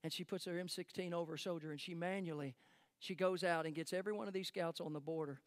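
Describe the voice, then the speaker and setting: A man preaching a sermon as pastor, telling a story emphatically and then dropping to hushed tones. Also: a little high, steady tone, fast, no room sound. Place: church sanctuary.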